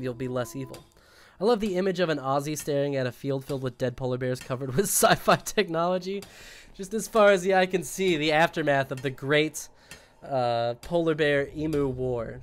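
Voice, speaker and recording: A man with a fairly high-pitched voice chats casually with viewers while streaming a game, joking and rambling as he plays. A little hiss or hum is audible.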